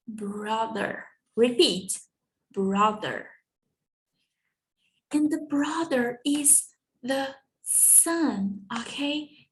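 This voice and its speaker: Speaking in a high-pitched voice, a young native Portuguese speaker from Brazil, with a Brazilian accent, teaches English words for family members. Her bilingual lesson is slow, and she stretches out and repeats every word for her students.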